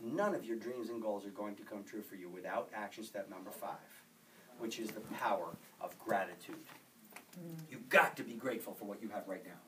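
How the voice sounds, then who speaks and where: Fast-talking preachy motivational speaker man. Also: lowish voice, noisy background. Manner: energetic, preachy and emphatic with repeated phrases. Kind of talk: motivational talk to an audience. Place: office meeting room. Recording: distant mic in a room.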